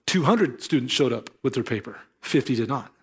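A man's voice: mid-range voice, expressive, a little fast, husky. A man preaching a sermon as pastor, earnest and emphatic, mixing scripture with storytelling.

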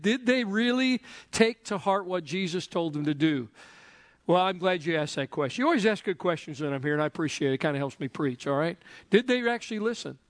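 A man's voice: on the high side, no echo. A man preaching a sermon in a joking, conversational way, often checking in with the congregation. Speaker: pastor.

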